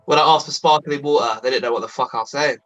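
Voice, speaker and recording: A man's voice: mid-range voice, fairly even intonation, fast, a bit bright, muffled recording, faint music behind. A man with an English accent, chatting casually as a guest, swearing freely and laughing through his stories. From England. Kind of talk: casual chat.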